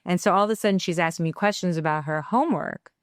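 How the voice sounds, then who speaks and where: Candid parenting podcast co-host, female; animated storyteller with a smooth, clear voice. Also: on the low side, fast, no echo, clean studio sound. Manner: animated, acts out quoted dialogue; reflective and candid. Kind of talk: conversational storytelling.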